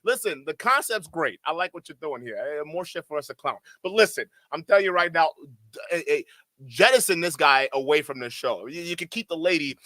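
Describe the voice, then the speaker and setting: A man reacts to a clip for his chat, loud and sarcastic, often breaking into laughter. His voice is on the higher side and bright, recorded close and dry. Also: lively intonation, a little fast, dry recording. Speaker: reaction streamer. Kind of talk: mocking reaction commentary.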